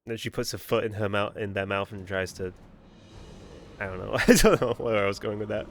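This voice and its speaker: A man streaming a game, joking around and reading its dialogue aloud with quick quips. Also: lowish voice, vocal fry. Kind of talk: casual game commentary.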